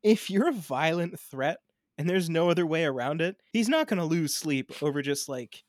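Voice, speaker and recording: Podcast guy arguing his take fast, bit high voice, dry close sound. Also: lively intonation, no room sound. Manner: fast, opinionated, profane. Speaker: podcast co-host. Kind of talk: casual chat.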